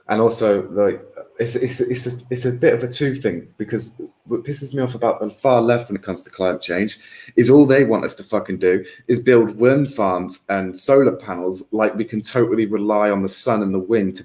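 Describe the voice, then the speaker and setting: A man's voice: on the low side, moderate pace, a little mellow. A man in casual political chat as a guest, rambling, swearing a lot and losing his train of thought. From Britain.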